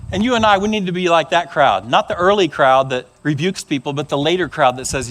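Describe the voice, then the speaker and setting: Animated middle-aged male preacher, high and lively. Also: fairly quick. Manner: animated storyteller, acts out voices. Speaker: pastor. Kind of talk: sermon.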